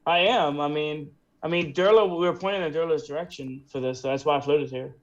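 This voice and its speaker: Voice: medium pitch, brisk. A player at a tabletop game, chatting and asking characters questions in a playful manner. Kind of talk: tabletop role-play chat. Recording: dull lo-fi mic audio.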